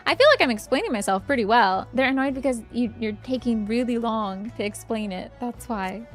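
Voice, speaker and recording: Young woman, gaming streamer, chatty giggly commentary, fairly high voice, faint music. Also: lively intonation, brisk, few pauses. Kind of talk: casual gameplay commentary.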